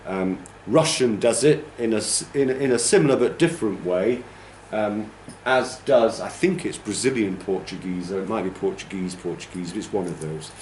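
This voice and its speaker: A man's voice: low voice, darkish tone, roomy sound, a little hiss or hum. A man teaching a training class, explaining pronunciation and demonstrating stress patterns aloud. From United Kingdom. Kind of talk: classroom lecture.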